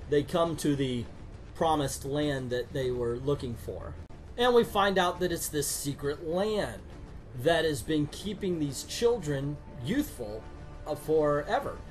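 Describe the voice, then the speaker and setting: A man giving a sarcastic, exasperated comic book review, swearing now and then. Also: fairly high pitch.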